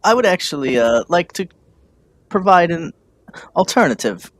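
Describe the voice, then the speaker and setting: A man's voice: high voice, sing-song, moderate pace, dry recording. A man playing a tabletop game, chatting casually, swearing and laughing easily. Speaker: player. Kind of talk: casual chat and tabletop play.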